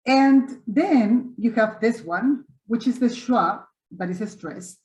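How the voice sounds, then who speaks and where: A woman's voice: fairly high pitch, takes it slowly, a little mellow, echoey room, muffled recording. Encouraging woman teaching English online. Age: middle-aged. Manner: encouraging, repeats and corrects students. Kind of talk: online webinar class. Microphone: video call.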